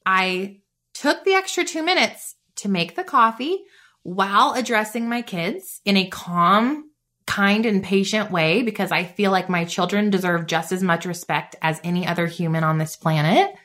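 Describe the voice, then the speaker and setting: Bubbly, bright-voiced woman host. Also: mid-range voice, normal speed. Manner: bubbly, chatty, peppered with "like". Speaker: podcast host. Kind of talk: faith-based motivational podcast talk.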